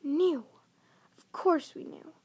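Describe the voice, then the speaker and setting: A woman's voice: high voice, steady tone, measured pace, husky, full character voice. Shrieking, resentful aunt, voiced by a woman reader; ranting storybook figure. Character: bitter shrieking middle-aged aunt.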